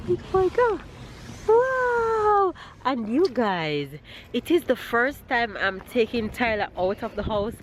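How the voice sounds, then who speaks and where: A young adult woman with a Jamaican accent, chatting casually to camera in a vlog, animated, with loud bursts of cheering. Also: low-pitched, background noise. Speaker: vlogger.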